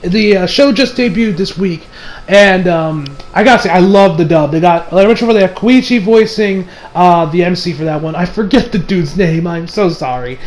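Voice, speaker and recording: Rambling young man with a high voice. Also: normal speed, rough recording. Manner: rambling, filler-heavy, laughs often. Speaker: anime reviewer. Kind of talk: casual episode recap.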